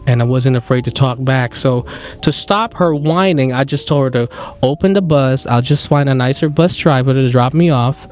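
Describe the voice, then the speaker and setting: A man with a Filipino accent hosting a podcast, telling a story in a casual, animated way and jumping into high excited voices for the people he quotes. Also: normal speed, hardly any pauses, soft background music. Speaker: podcast host.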